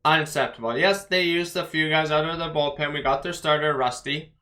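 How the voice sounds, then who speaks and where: A man's voice: a little high, steady tone, brisk, pushed and bright. A man hosting his own fan channel, ranting bluntly about a loss and rattling off stats and player names. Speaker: fan vlog host. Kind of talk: post-game fan rant.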